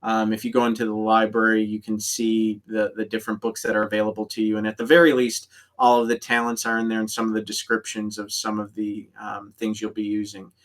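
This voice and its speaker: A man acting as game master, explaining rules to players with many pauses and restarts. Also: lowish voice, monotone, fairly bright tone. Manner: halting, many ums and restarts. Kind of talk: explaining rules in an online tabletop session.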